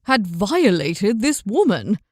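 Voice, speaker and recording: A woman's voice: mid-range voice, sing-song, takes it slowly, no echo. Woman doing a noble young knight, old-fashioned speech, apologetic, dry recording. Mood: anxious.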